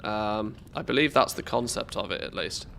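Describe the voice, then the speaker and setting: A man's voice: fairly low pitch, moderate pace, gravelly, fairly bright tone, slight background noise. Nasal, congested man streaming a game. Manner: rambling, with stumbling restarts and dry joking. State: congested from a cold. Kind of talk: casual live-stream commentary while playing.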